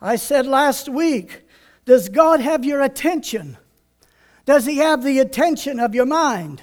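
A male preacher delivering an impassioned sermon, dropping to hushed tones and rising to shouts. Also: extremely high pitch, takes it slowly.

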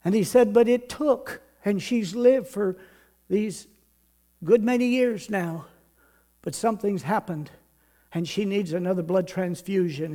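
An older man preaching a sermon, building to loud emphatic repetition and then dropping to quiet storytelling. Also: high-pitched, unhurried. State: out of breath.

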